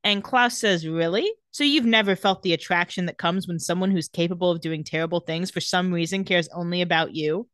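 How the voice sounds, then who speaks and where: A woman's voice: lowish voice, fairly quick, hardly any pauses, a bit bright, no room sound. A young woman co-hosting a casual chat, retelling TV scenes and quoting the characters. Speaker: podcast co-host recapping a TV episode.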